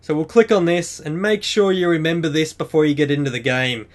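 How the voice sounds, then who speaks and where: A man with a fairly high voice hosts a game tutorial. He chats casually and keeps an upbeat tone while walking the listener through each setting one step at a time. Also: brisk. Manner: chatty, upbeat, explains step by step. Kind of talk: screen-recorded game walkthrough.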